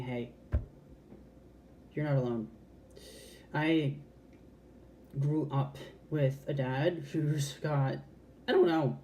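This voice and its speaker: A trans woman with a deep, mellow voice talks frankly to the camera in a casual, heartfelt vlog. She swears freely and often restarts her sentences.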